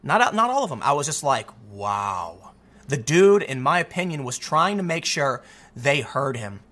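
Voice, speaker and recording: A man giving opinionated solo commentary in an emphatic, animated way, often repeating words as he gets going. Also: a little high, normal speed. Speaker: political commentator.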